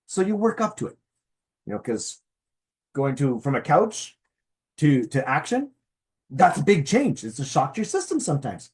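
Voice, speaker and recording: Middle-aged guy doing a motivational business pitch, husky voice, folksy, keeps saying okay. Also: moderate pace, pauses often. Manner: animated, folksy, checks in with "okay?". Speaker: presenter.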